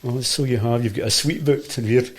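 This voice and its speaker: A middle-aged Glaswegian man spins a long, rambling anecdote in a relaxed interview. He keeps circling back with restarts and acts out what everyone said, all at an ordinary middle pitch. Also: a little fast. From Scotland. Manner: rambling, animated storytelling with many restarts and quoted dialogue. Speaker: guest, martial arts teacher. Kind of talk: casual storytelling.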